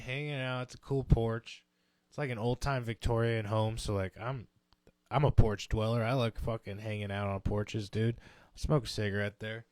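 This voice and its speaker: A young man casually telling a long story on a podcast, animated and swearing, acting out quotes in other voices. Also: medium pitch, clear, resonant tone, dry recording.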